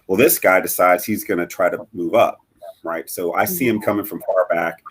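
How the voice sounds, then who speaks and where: A middle-aged man telling a personal story as a guest in a live interview, halting and earnest, with many fillers and restarts. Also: low voice, slight background noise. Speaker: guest, bereaved father.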